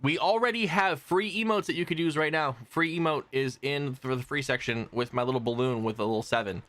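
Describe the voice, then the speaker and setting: A young adult man streams a game and chats loosely with his viewers while he plays, rambling a little as he talks to chat. His voice is medium in pitch, slightly fast and somewhat bright, and the talk is casual gaming-stream banter.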